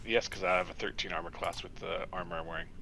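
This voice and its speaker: A man speaking as a player in a tabletop game, quiet and matter-of-fact. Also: deep voice, steady tone, quick pace, gravelly. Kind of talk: casual tabletop play.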